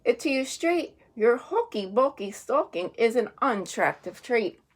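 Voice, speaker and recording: A woman's voice: fairly high pitch, sing-song, a little slow. A woman reading as a blunt octopus. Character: blunt eight-armed octopus.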